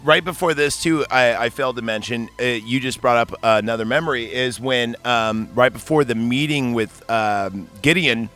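A man's voice: mid-range voice, moderate pace, few pauses, soft background music. A man co-hosting a podcast, chatting casually while retelling a film and acting out its lines. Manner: animated, acts out movie lines. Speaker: podcast co-host. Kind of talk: casual chat, recapping a film.

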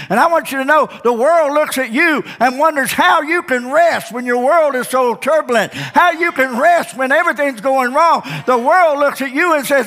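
A man preaching with fervor, his voice pitched very high and ringing bright. He swings between booming declarations and hushed asides, heard in a long reverberant church hall. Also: expressive, normal speed, few pauses. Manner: impassioned preaching with swings between loud and quiet delivery. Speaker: pastor. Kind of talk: sermon.

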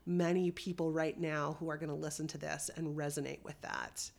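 Woman podcast host, lowish voice, encouraging and earnest. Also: little pitch movement, moderate pace, creaky, darkish tone. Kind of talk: interview conversation.

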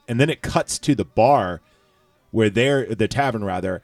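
A man's voice: on the low side, normal speed, dry recording, soft background music. A man hosting a casual movie recap chat, rambling with lots of fillers and profanity. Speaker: podcast host.

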